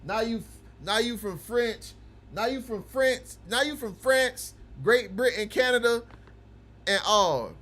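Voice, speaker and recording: A man hosting a livestream, chatting casually with viewers and teasing them, going from low mumbling to loud ranting. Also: lively intonation, slow pace. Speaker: livestream host of a game broadcast.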